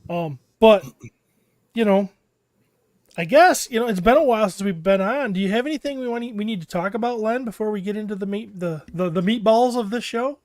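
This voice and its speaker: A man's voice: high voice, brisk, a little mellow, dry recording, studio quality. A man hosting a podcast in casual chat, joking and playful. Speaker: podcast host.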